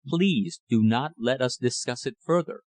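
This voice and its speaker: A man voicing an older, thin-faced country rector with a slow clerical drawl and a cynical edge. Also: medium pitch, animated, darkish tone, no room sound, close to an everyday voice. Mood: grave, warning.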